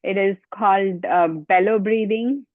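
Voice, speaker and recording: Woman, yoga instructor, unhurried delivery, counts reps aloud, tinny lo-fi sound, dry. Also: mid-range voice, no room sound. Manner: counts repetitions aloud, gives step-by-step cues. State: out of breath at times. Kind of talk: guided exercise instruction.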